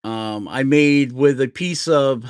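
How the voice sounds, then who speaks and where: Speaking slowly in a clear, resonant mid-range voice, a middle-aged man from New Jersey carves wood and chats casually with his livestream viewers. He drifts from subject to subject, laughing often at his own expense. The recording is close and dry, without room sound.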